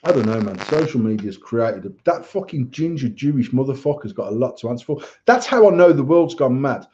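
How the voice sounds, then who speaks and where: A man's voice: mid-range voice, big pitch swings, fairly quick, mellow, a little hiss or hum. A man co-hosting a podcast, ranting bluntly in casual chat and swearing a lot. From England. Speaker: podcast co-host. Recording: dull lo-fi sound.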